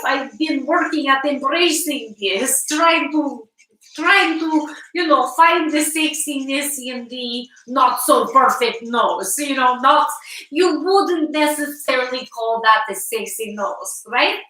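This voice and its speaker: A woman talks slowly and frankly to her live-stream viewers, laughing often and swearing casually. Her voice is bright and a little high. It sounds distant from the mic, with a roomy echo around it. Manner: giggly, laughs often between phrases.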